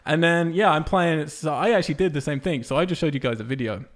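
A man on a casual talk show, ranting in an animated, profane way and breaking into laughs. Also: fairly high pitch, fast talker. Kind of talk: casual chat.

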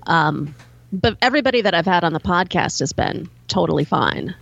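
A woman's voice: on the low side, animated, normal speed, creaky, dull audio. A woman guesting on a podcast, chatting in a friendly, enthusiastic way about the interviews she does. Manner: friendly and enthusiastic, light laughter. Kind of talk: casual chat.

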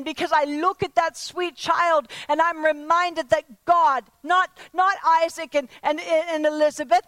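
A woman's voice: extremely high pitch, fairly bright tone, dry recording, low-quality recording. A woman preaching a sermon to a congregation, asking earnest repeated questions and often restarting her words. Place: church service before a congregation.

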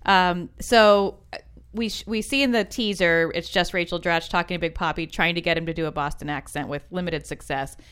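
A woman's voice: on the low side, fairly even intonation, brisk, fairly bright tone, clear, resonant tone. A woman co-hosting a casual chat, frank and wry about what she has watched. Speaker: podcast co-host. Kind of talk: casual chat reviewing commercials.

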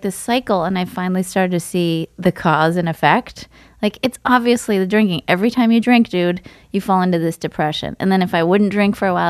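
A woman's voice: fairly low pitch, clean tone, no echo, clean studio sound. A woman talking casually and frankly in a conversation, filling her speech with "like". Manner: chatty, lots of "like", frank.

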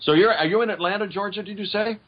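A man being interviewed as a guest over a remote call, chatting in a rambling, halting way with many restarts. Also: high voice, lo-fi sound. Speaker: guest voice actor. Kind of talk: casual interview chat.

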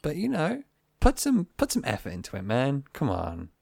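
Wildly expressive jokey man. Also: medium pitch, moderate pace, creaky, breathy edge, no room sound, studio quality. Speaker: podcast co-host. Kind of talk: casual chat.

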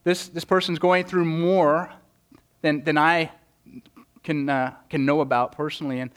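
An earnest man preaching to his congregation, his voice sitting a little on the high side. He presses each point by repeating words, and now and then lifts his voice to act out a quoted prayer. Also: steady tone, a little slow. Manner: acts out quoted prayers in a raised voice. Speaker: pastor. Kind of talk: sermon.

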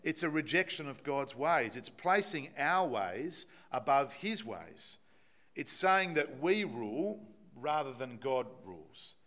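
A man's voice: medium pitch, big pitch swings, takes it slowly, fairly bright tone. A man preaching a sermon, explaining a Bible passage and putting rhetorical questions to the congregation.

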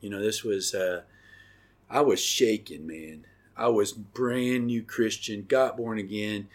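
A middle-aged man hosts a podcast and shares his personal testimony in a lowish voice. He is earnest and halting, pausing often and using many fillers.

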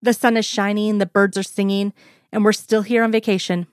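A gentle middle-aged man in an audio story, talking softly and tenderly to the woman he loves, as a female narrator reads his lines. The pitch sits in a middle range, and the recording is dry and close. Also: flat delivery, a little fast, no echo, close to an everyday voice. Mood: playful.

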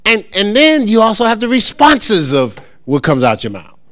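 Speaking at normal speed in a high-pitched voice, a middle-aged pastor teaches his church in a laid-back, conversational way. He animatedly mimics churchgoers and callers and keeps checking in with his audience.

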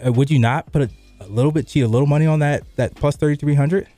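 Here the middle-aged host's mellow voice is a little high and he talks fast, with no room sound and faint music behind, captured on a studio microphone. He rambles loosely through casual sports radio chat, leaning heavily on fillers.

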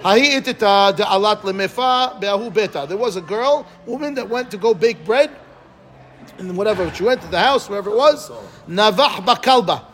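A man's voice: sits high, a little hiss or hum. A man teaching a Talmud class, reading Aramaic and explaining it phrase by phrase in English, often checking with listeners. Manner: quick, animated, asks listeners "right?".

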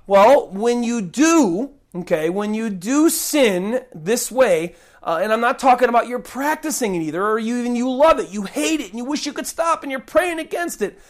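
A man's voice: very high-pitched, animated, moderate pace, few pauses. A man preaching a sermon with an impassioned, conversational delivery and folksy asides, sometimes acting out prayers and other voices.

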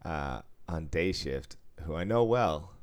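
A man in his forties co-hosting a podcast, an animated storyteller who swears freely and laughs often. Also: very deep voice, slow pace. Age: 40s. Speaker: podcast co-host. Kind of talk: casual podcast banter.

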